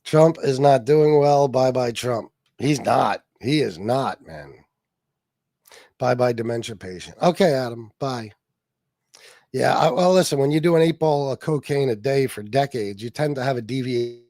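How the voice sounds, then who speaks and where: A man's voice: mid-range voice, moderate pace, dark tone, dry recording, studio quality. A man hosting a casual political livestream, reading chat comments aloud and answering them in a profane, mocking, sarcastic way. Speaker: livestream host.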